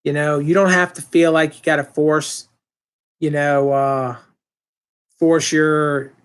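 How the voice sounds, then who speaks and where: A man's voice: a little high, takes it slowly, clean tone. A man with a slightly raised voice talking on his own live stream. He reads comments aloud and chats back loosely, with plenty of ums and false starts. His speech is easygoing and unscripted. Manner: rambling, relaxed, with many fillers and restarts. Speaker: channel host answering live chat. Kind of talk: casual live-stream chat.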